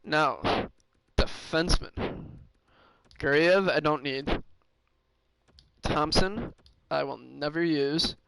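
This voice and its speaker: A man's voice: fairly high pitch, takes it slowly, vocal fry, a bit bright, smooth, low-quality recording. A man streaming a hockey management game, thinking aloud in casual commentary with many fillers and restarts. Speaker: gaming streamer.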